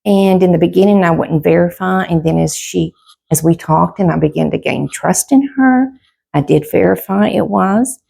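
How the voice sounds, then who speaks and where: Gravelly low-voiced woman telling a story. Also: normal speed, dark tone. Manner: rambling, full of fillers and quoted back-and-forth. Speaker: vlogger telling a personal story. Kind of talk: casual storytelling to camera.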